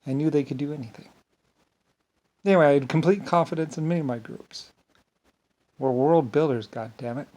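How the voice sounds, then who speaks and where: A man's voice: on the high side, brisk, long pauses, darkish tone. A man giving a meandering, grandiose unscripted monologue, often repeating himself. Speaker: solo speaker.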